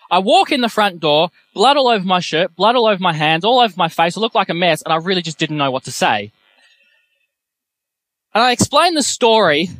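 A young man preaching a sermon, telling self-deprecating personal stories in a lively way. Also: high voice.

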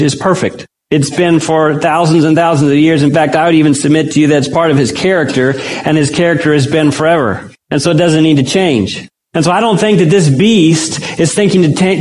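A man with a high-pitched voice leads a Bible study in a relaxed, conversational sermon style. He keeps turning to the audience with questions and answers them himself. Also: rough recording. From United States. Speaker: pastor or Bible teacher.

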